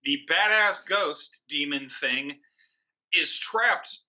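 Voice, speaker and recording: Bright, sarcastic male podcast co-host. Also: a little high, lively intonation, drawn-out words, dull audio. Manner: sarcastic, incredulous, mocking. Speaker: co-host of a movie review show. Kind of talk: comedic podcast chat.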